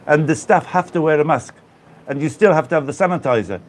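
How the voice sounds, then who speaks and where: Rambling chatty man, a bit high. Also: lively intonation, fast talker. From Black Country, England. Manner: rambling, chatty, greets viewers by name. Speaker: live-stream host. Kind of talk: casual live-stream chat with viewers.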